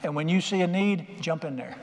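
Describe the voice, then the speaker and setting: The recording, made in a reverberant church sanctuary with faint ambience, captures an older man preaching as pastor. He speaks a little fast in a high-leaning, slightly mellow voice, keeping things folksy and conversational and acting out quotes in plain voices.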